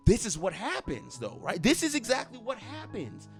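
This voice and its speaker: A man's voice: sits high, wildly swooping pitch, normal speed, few pauses, over music. A man giving earnest, emphatic relationship advice straight to camera, repeating himself for stress. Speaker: relationship coach. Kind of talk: motivational talk to camera.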